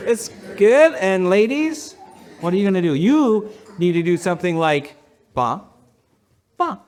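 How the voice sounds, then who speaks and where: Pastor, male, high voice, leads a clapping game with the congregation, playful and laughing. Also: big pitch swings, slow pace. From United States. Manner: playful, laughing, counting in the crowd. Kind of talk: leading a congregation in a rhythm game. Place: church hall with a congregation.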